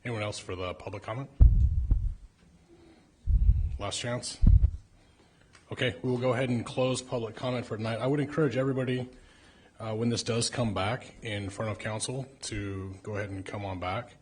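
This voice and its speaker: A man's voice: lowish voice, steady tone, a little fast, slight background noise. A man chairing a city council meeting, calling for and closing public comment in brief, procedural phrases.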